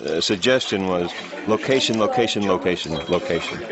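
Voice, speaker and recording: A man putting on a smug, bragging real estate man with a lower voice. Crowd chatter and clinking glasses sit behind him, and the audio is a little dull. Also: natural voice. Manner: smug, boastful, slow.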